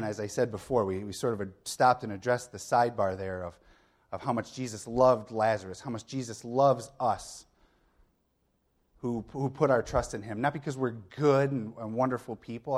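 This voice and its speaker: A man's voice: fairly low pitch, fairly even intonation, moderate pace. A middle-aged man preaching a sermon in a conversational way. He talks the congregation through the point step by step, asks rhetorical questions and checks in with a frequent "okay?". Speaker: pastor.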